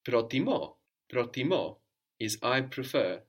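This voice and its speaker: A man's voice: mid-range voice, big pitch swings, measured pace. A man teaching a Greek lesson, patiently explaining grammar step by step and prompting his student with questions.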